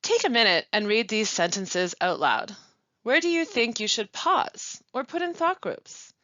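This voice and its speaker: A woman narrates a language lesson in a careful, emphatic way, her pitch rising and falling widely. The sound is dry and a little dull, as if from a modest lo-fi recording. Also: expressive, sharp tone, no room sound. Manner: careful, emphatic reading with marked stress and pauses. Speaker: language instructor.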